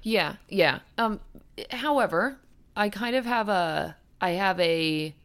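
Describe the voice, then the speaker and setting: A young woman co-hosting a fantasy football podcast in casual chat, a little groggy in the morning and chatty with drawn-out fillers. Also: mid-range voice, expressive, a bit bright.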